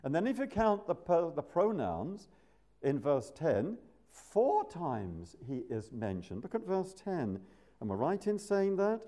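A man's voice: a little high, wildly swooping pitch, a little slow, warm tone. An older man preaching a sermon, asking rhetorical questions.

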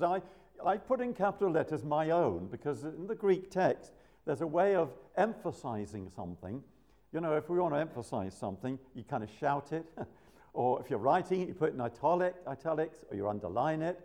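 Lively preacher man, animated swings. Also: fairly high pitch. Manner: lively, drawn-out emphatic quoting, chuckles to the congregation. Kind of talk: sermon. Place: church.

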